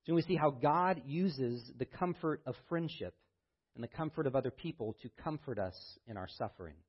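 A man preaching a sermon as pastor, reading scripture with rising intensity and then talking in a low, quiet voice. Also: expressive, normal speed, slightly rough, highs cut off.

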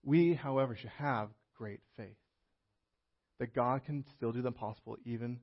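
Gravelly man telling a sermon story. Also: mid-range voice, normal speed, muffled recording. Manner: conversational storytelling with many restarts and fillers. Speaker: preacher.

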